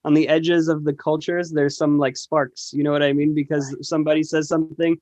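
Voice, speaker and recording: Higher-voiced man, relaxed rambling talk. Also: a little fast, dry recording. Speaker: guest, meditation teacher. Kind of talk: casual video-call chat and instruction.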